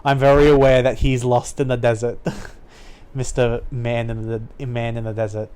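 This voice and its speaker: A young man with an Australian accent chats casually while streaming a game, thinking aloud with fillers in a self-deprecating way. His mid-range voice is smooth and a little mellow, with little pitch movement and a moderate pace.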